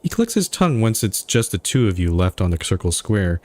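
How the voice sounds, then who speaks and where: A man's voice: on the low side, very animated, a little fast, a little mellow. A man streaming a role-playing game, reading its dialogue and narration aloud and reacting with dry remarks between lines. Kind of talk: let's play with game text read aloud. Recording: faint music behind the voice.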